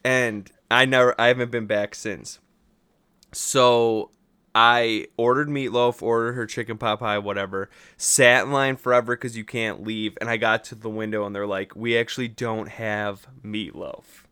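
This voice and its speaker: A man hosts a laid-back podcast, grumbling through stories and swearing without a second thought. His voice is clear and smooth, sitting at an ordinary pitch. The sound is dry and close, with no room in it. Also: fairly even intonation, normal speed, pushed and bright, dry recording. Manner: venting storyteller, swears freely. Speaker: podcast host. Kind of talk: casual chat.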